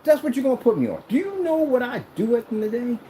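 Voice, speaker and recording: A man voicing an outraged, haughty talking projector that shouts in a shrill, indignant way. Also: sing-song, quick pace, a little hiss or hum, poor audio.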